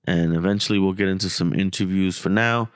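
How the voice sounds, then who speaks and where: A man co-hosting a podcast, telling a story in casual, profane, animated chat. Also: brisk, clear, resonant tone, no room sound, clean studio sound. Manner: animated, profane, gets loud and high when acting out the story. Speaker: podcast co-host.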